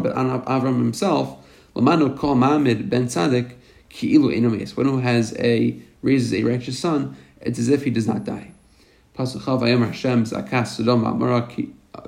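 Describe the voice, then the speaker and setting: A man reading a Hebrew commentary aloud phrase by phrase and translating each into English, often halting and correcting himself. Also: mid-range voice, vocal fry, darkish tone. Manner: halting, repeats and self-corrects. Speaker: Torah teacher.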